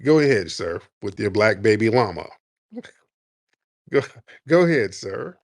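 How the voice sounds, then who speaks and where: A man's voice: lowish voice, sing-song, slow, dry recording, clean studio sound. A man hosting a live call-in chat, mocking and taunting his callers, calling them "sir". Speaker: host.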